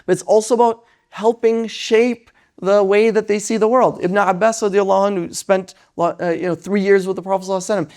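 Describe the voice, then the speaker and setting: A lecturer giving an Islamic parenting lesson. They speak in a lively way, often tag lines with "right?", and briefly act out parents and children. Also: mid-range voice, fast talker. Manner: animated, tags lines with "right?"; acts out parents and children in quoted voices.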